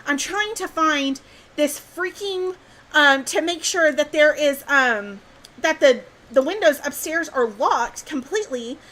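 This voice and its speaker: A woman's voice: high-pitched, unhurried, low-quality recording. A young woman, a podcast host animatedly telling a scary story in casual chat. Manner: animated, excitable, swears mildly.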